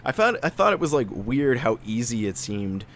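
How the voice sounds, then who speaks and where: A young man co-hosting a casual movie podcast, animated and full of fillers. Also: medium pitch, normal speed, slight background noise. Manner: animated, filler-heavy, laughs often. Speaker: podcast co-host. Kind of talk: casual chat.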